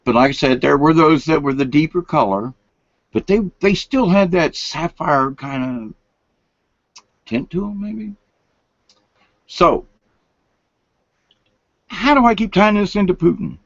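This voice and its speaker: Older man, folksy late-night rambler, pitch rises and falls a lot, dry close sound. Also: expressive, measured pace, pauses often, dry recording. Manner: folksy, meandering, drops to whispers. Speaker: vlogger. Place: home room, lights turned down. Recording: dull lo-fi sound.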